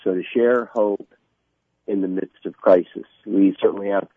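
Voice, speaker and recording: A man speaking as a guest in a radio interview, earnest and halting, often restarting his sentences. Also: on the low side, steady tone, no echo. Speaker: guest from an evangelistic ministry. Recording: tinny phone line.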